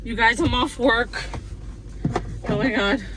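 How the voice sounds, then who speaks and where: A woman's voice: on the high side, steady tone, slow pace, background noise. A young woman vlogging casually to a handheld camera, talking in a chatty, rambling way full of fillers. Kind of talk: casual vlog talk to camera. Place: kitchen and parked car.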